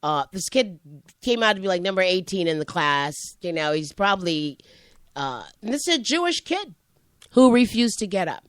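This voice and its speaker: A woman high school teacher tells a classroom story in casual conversation, wandering through asides and acting out the voices in her quotes. Her voice sits at a middling pitch. The recording is dry and close. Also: sing-song, moderate pace, no room sound. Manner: rambling, acts out voices in quotes.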